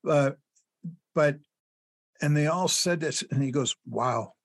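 Chatty, high-pitched man telling stories. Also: steady tone, measured pace, no room sound. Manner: rambling anecdotes with frequent fillers and laughs. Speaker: children's book author, guest. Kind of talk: storytelling in an interview.

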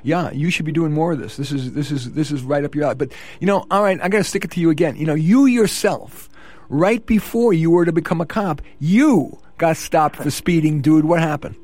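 A man with a New York accent hosting a radio interview, teasing and energetic with his guest. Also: on the high side, a little fast. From the Bronx, New York. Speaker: radio show host.

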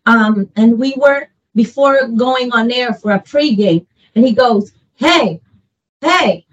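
High, animated woman broadcaster a bit off-mic. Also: unhurried, distant mic, highs cut off. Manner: animated, quotes others in lively voices, laughs often. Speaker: sports broadcaster, guest. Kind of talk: emotional storytelling in interview.

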